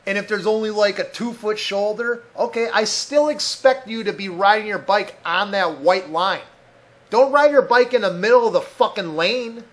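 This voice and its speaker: A man's voice: sits high, moderate pace, a bit bright. A man hosting a podcast, ranting heatedly with constant swearing. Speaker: podcast host.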